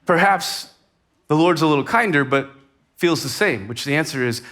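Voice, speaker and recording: A man preaching a sermon as a pastor in a church, talking conversationally, with sudden lifts in energy and quiet, soft drops. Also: on the high side, lively intonation, normal speed.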